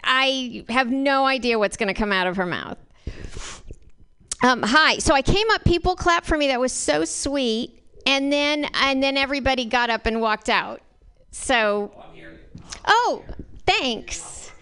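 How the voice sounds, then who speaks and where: A woman in her forties delivers dry, awkward stand-up at an open mic, taking her time. Her voice is high, bright and very crisp. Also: animated, unhurried, pauses often. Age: 40s. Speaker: stand-up comedian.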